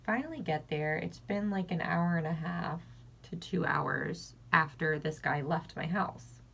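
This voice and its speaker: A young woman with a slightly low voice tells a casual get-ready-with-me storytime. She is frank and blunt, and her talk is loose and full of "like" fillers. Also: a little slow, creaky, fairly bright tone, breathy edge. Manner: chatty, filler-heavy with constant "like". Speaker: vlogger.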